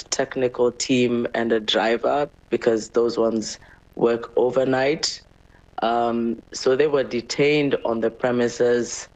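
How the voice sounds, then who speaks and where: A hesitant woman speaking in a flat, slow, measured way, pausing often between fillers. She answers an interviewer's questions as a company's managing director. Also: extremely low pitch, rough recording.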